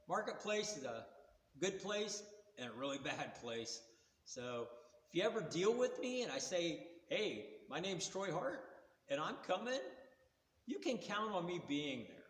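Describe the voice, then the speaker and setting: A man's voice: fairly high pitch, expressive, normal speed, a bit bright. A man in his sixties telling rambling car stories in a folksy, plain-spoken way. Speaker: car vlogger. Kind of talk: casual storytelling. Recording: roomy with long reverb.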